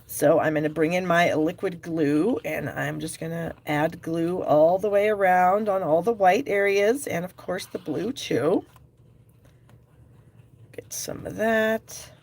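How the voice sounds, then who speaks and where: A middle-aged woman with a slightly low voice hosts a live crafting stream. She talks casually and laughs at herself while she demonstrates each step. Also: unhurried, few pauses, a little mellow. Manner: chatty, self-deprecating, talks while working. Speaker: card-making class host. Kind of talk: live craft demo with viewer chat.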